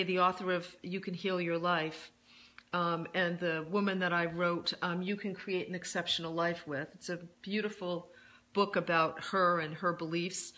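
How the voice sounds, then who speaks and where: A woman author talking through self-soothing advice in a casual, gentle monologue, pausing often with fillers and restarts. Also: on the low side. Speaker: self-help author and speaker.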